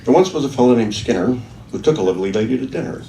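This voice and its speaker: A man's voice: mid-range voice, expressive, racing, gravelly, mellow, slight background noise. Older man telling stand-up jokes. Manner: storytelling, jokey. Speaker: stand-up comedian. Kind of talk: open-mic stand-up. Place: open-mic venue, room. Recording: echoey room from far off.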